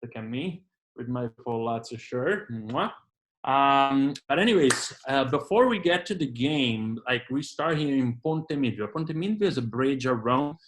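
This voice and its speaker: A man's voice: mid-range voice, lively intonation, measured pace, rough recording. A man from Italy with an Italian accent, leading a virtual tour over a video call in an enthusiastic, informal way with lots of fillers. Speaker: tour leader. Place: home in Canada, indoors.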